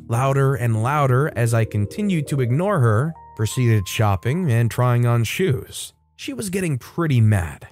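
A man's voice: mid-range voice, very animated, a little slow, few pauses, darkish tone, faint music behind. A man reading online stories aloud as a show host, telling them playfully and expressively with sudden lifts in his voice. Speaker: story narrator and show host.

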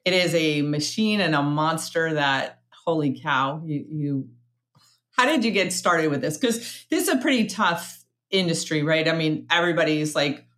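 A woman's voice: sits low, lively intonation, normal speed, fairly bright tone. Chatty, upbeat woman podcast host. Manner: chatty and upbeat, rambling restarts. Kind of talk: casual interview chat.

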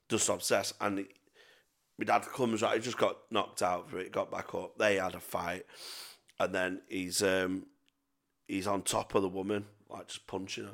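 A man's voice: sits low, level tone, normal speed, creaky, a bit bright. A young man telling sweary, rambling stories in casual chat as a podcast co-host. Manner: sweary, rambling anecdotes with self-mocking laughs.

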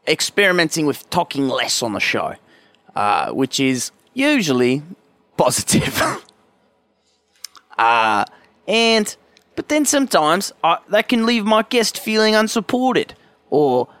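A man's voice: mid-range voice, very animated, a little slow, a bit bright, clean tone, dry recording. A man hosting a casual podcast, rambling and self-deprecating, swearing offhandedly. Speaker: podcast host.

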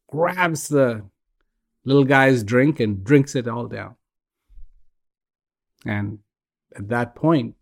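This regular broadcast features a man's reflective spiritual talk, delivered gently at a medium pitch. His phrases come short and halting, with pauses between them.

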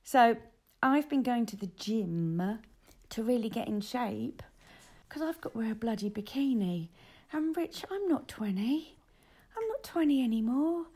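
A woman co-hosting a casual podcast chat. Her voice sits high and swings widely in pitch. She is excitable and laughs often as she talks. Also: unhurried. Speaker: podcast co-host. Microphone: earphones in.

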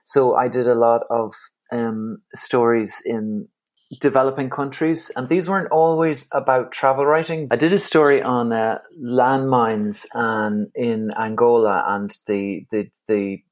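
A man's voice: medium pitch, unhurried. Irish man in his forties, rambling storyteller. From Ireland. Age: 40s. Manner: animated, rambling with many restarts and laughs. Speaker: guest travel writer. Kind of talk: conversational storytelling.

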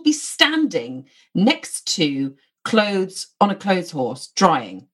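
A woman's voice: lowish voice, very animated, slow, hardly any pauses, a bit bright, slightly rough. A woman co-hosting a podcast, blunt and agreeable in casual chat, swearing now and then. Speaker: podcast co-host.

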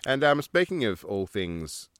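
A joking, blunt man co-hosting a casual podcast, swearing freely in easy banter. His voice is very low and is recorded close and dry. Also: sing-song, measured pace, fairly bright tone, smooth, no echo. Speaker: podcast co-host. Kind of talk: casual chat.

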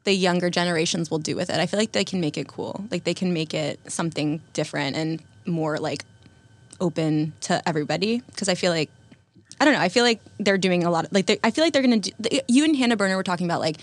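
A woman's voice: lowish voice, quick pace. A young woman chatting casually as a podcast host, upbeat, with filler words. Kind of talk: casual chat.

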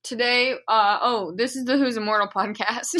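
A young woman co-hosting a podcast in casual, playful chat, giggly and quick to swear. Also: on the high side, fairly even intonation, pushed and bright. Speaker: podcast co-host.

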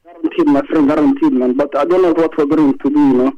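A man phoning in to a show, boasting excitedly in broken English. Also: fairly high pitch, quick pace, highs cut off. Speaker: caller. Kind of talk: call-in phone chat.

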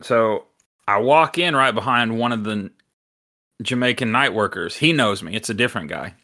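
Guy rambling thru a work story on a podcast, bright punchy voice, says like a lot. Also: on the low side, animated, normal speed. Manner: rambling, lots of filler, swears. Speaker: podcast host. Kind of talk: casual storytelling chat.

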